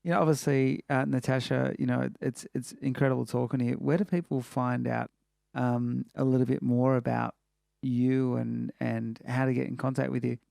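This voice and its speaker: A man hosts a relaxed interview, his voice very gravelly and dark. He talks in a flat, even tone, with filler words everywhere. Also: mid-range voice, normal speed, no room sound, studio quality. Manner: chatty, many "you know" fillers. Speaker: podcast host. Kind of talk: casual interview chat.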